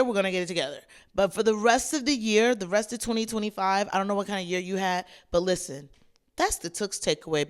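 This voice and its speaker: A young adult woman hosting her own podcast, chatting casually and playfully straight to her listeners. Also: a little high. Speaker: podcast host. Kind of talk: casual solo podcast chat.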